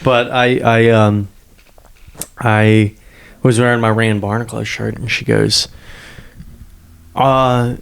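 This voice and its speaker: A man's voice: lowish voice, little pitch movement, measured pace, creaky, pauses often, clean tone. A man co-hosting a podcast, a stand-up comic telling stories in casual, profane chat and laughing often.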